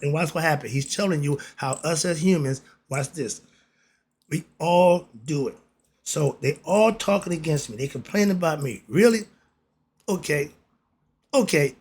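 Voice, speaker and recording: A man hosting his own religious commentary, speaking, emphatic and preachy, reading passages slowly and then riffing on them. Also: on the high side, breathy edge. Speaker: host.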